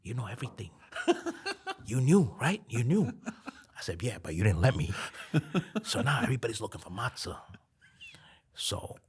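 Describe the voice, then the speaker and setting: A man, a podcast guest, telling a story in an animated way, dropping to a hushed whisper for quoted lines and laughing as he goes. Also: mid-range voice, unhurried, pauses often, breathy edge.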